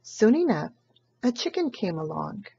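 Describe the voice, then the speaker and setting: A woman reads a children's picture book aloud, slow and full of lively pitch swings. Her voice is mellow and a little husky. The recording sounds dull and lo-fi. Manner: expressive, slow storytelling. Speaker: storybook reader. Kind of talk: children's story read-aloud.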